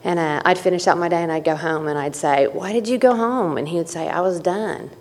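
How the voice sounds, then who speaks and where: Woman, earnest personal testimony, lowish voice, reverberant meeting hall. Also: fairly even intonation, fast talker, slight background noise. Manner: candid and earnest, with repeated phrases and restarts. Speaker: recovery meeting speaker. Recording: echoey hall.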